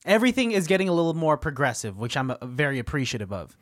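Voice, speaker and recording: A man chatting casually as a podcast co-host, teasing his friends and laughing often. His pitch swoops widely and sits a bit high. The sound is dry and close. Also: big pitch swings, fast, dry recording. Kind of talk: casual chat.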